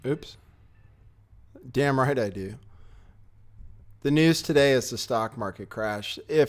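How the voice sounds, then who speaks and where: A man hosting a casual commentary show, talking in a sardonic, rambling way with offhand asides. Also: medium pitch. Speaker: host. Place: home studio, California.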